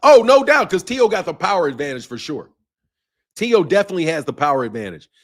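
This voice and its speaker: Here a fast-talking man with a slightly high voice runs a boxing live stream. He rambles animatedly through the chat messages, swearing freely and laughing a lot.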